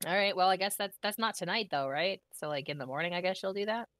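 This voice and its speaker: A woman player in a tabletop game, talking in an animated, giggly way. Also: on the low side, fast talker, dry recording, studio quality. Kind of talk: casual in-character play.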